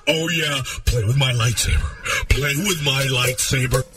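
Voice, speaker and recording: A man putting on a breathy, drawn-out moaning voice in a crude prank clip. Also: mid-range voice, close to an everyday voice. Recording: distant clip over loud music.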